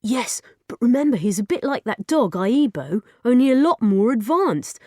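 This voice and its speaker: A woman's voice: a little high, big pitch swings, dark tone, no echo, clean studio sound, voice pushed up. A woman voicing an eager schoolboy who keenly explains how robots work. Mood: reassuring. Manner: explains things keenly, quick and earnest. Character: eager schoolboy, a know-it-all about robots.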